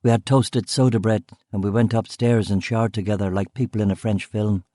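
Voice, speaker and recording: Low, dark-toned male audiobook narrator. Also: steady tone, a little fast, no echo, clean studio sound. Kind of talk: first-person noir narration.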